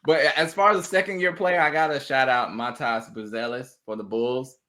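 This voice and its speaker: A man guesting on a sports podcast in a casual chat, easygoing and quick to laugh. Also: medium pitch, steady tone, sharp tone.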